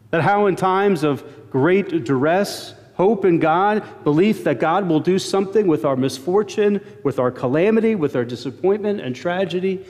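Male pastor, sermon delivery, slightly high voice, long church reverb. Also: a little mellow. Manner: earnest storytelling with prayerful opening. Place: church sanctuary.

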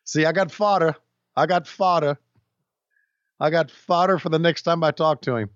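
A man's voice: on the high side, fairly even intonation, normal speed, no room sound. An older man co-hosting a podcast, with laid-back, chuckling reactions. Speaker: podcast co-host. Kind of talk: casual podcast chat. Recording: dull lo-fi sound.

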